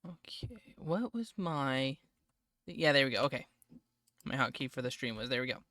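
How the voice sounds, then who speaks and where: A man's voice: mid-range voice, expressive, normal speed, dry recording, clean studio sound. A man streaming a game, chatting casually and joking about his own accent. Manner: chatty, self-deprecating. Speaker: gaming streamer. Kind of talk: casual let's-play commentary. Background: loud game music.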